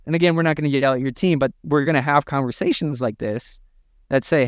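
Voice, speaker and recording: Male podcast co-host, punchy, coaching tone, smooth voice on a dry mic. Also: fairly high pitch, quick pace, no room sound. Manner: emphatic, preachy, acts out quotes. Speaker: podcast co-host, gym owner. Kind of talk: energetic business podcast talk.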